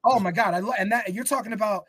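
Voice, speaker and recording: A man's voice: sits high, fast, a bit bright, husky, dry recording. A man co-hosting a podcast in casual, profane chat, rambling and searching for words as he talks. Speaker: podcast co-host.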